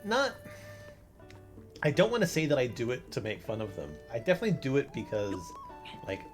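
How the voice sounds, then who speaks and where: A man's voice: medium pitch, very animated, fairly quick. A man streaming a video game, chatting casually, laughing often and swearing now and then. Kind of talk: casual gameplay commentary. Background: game music.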